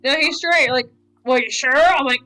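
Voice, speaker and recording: A woman's voice: high voice, normal speed, sharp tone, low-quality recording. A woman cosplayer chatting casually on a podcast, telling stories full of "like" fillers. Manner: chatty storyteller, many "like" fillers. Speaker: cosplayer guest.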